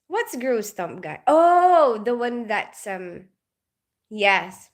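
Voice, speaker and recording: A woman's voice: fairly high pitch, big pitch swings, slow pace. A middle-aged woman, a nurse, chatting casually on a livestream, giggling often and greeting viewers by name; she has just woken up after night shifts. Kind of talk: casual live-stream chat.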